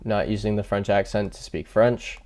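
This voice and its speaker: A man chats with his viewers while streaming a game, thinking aloud, reading chat and making fun of himself. His voice is on the low side and darkish, with fairly even intonation at a normal speed.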